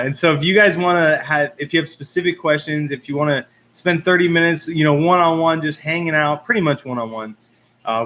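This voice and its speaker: A man with a slightly raised, fairly high speaking voice hosts a relaxed live stream. He chats along, reads out viewer comments, and laughs at himself between loose filler words. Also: a little hiss or hum. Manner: chatty, reads out viewer comments and greets them. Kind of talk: casual live-stream chat.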